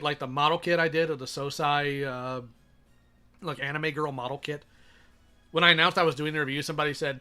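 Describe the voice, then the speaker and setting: A male streamer with a slightly high, very bright and cutting voice. He riffs in an animated, sarcastic way, pausing the video to comment and read out viewer donations. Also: smooth, faint music behind. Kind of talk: live-stream reaction commentary.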